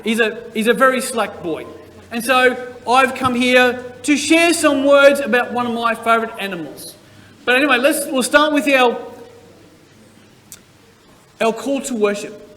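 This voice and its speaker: A man's voice: very high-pitched, unhurried, pauses often, bright, forceful tone. A man leading a children's church service, reading scripture and playfully teaching song actions. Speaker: church worship leader. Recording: church hall with long reverb.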